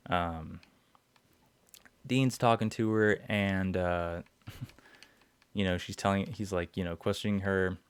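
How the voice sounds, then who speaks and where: Low, slow-talking man recapping casually. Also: fairly even intonation, clean tone, dry recording. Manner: rambling, swears a lot, many fillers and chuckles. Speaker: podcast host.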